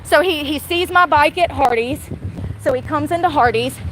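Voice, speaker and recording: A woman's voice: high-pitched, moderate pace, poor audio. A woman, ranting indignantly to her phone camera in a vlog while standing outside by a busy road. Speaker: vlogger. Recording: loud outdoor traffic noise.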